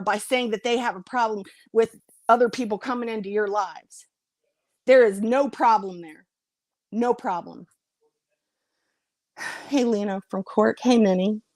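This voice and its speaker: A woman's voice: on the high side, measured pace, long pauses, no room sound, clean studio sound. Angry, blunt woman ranting on her vlog. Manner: blunt, confrontational, swears freely. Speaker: YouTuber. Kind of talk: heated vlog rant to viewers.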